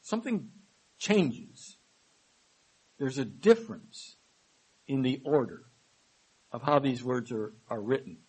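Husky-voiced man preaching a sermon. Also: medium pitch, animated, darkish tone, poor audio. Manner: reads scripture aloud with stress, then explains in a measured tone. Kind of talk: sermon, Bible study reading.

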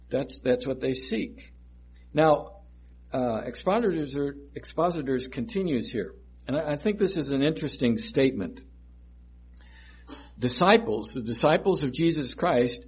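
A man preaching a sermon that teaches through scripture verses, speaking deliberately and repeating phrases for emphasis. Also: medium pitch, lively intonation, darkish tone, breathy edge.

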